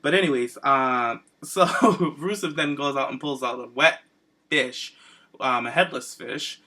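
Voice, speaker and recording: A man's voice: mid-range voice, a little slow, pushed and bright. A man co-hosting a casual wrestling podcast, gushing and campy, full of slang. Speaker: podcast co-host.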